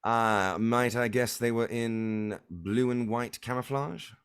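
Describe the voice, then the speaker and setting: A man's voice: mid-range voice, slow pace, clear, resonant tone, pitched above the performer's own voice. A man doing a courteous, formal mage. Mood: polite. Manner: polite, formal, a little fumbling. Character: courteous male mage, official on patrol.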